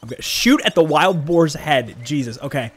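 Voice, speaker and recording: A young man chatting casually on a game livestream, animated and rambling, with laughing asides to his chat. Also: on the high side, normal speed, soft background music. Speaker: streamer.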